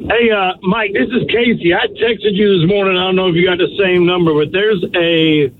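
A man's voice: high voice, fairly even intonation, normal speed, slight background noise. A man calling in to a radio show, earnest and worried, often saying "man.". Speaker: caller. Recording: tinny phone line.

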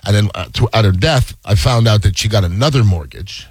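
A man's voice: lowish voice, fairly quick, slightly rough. A man in casual chat, cracking jokes and adding short replies, then telling a personal story. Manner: joking banter, short interjections.

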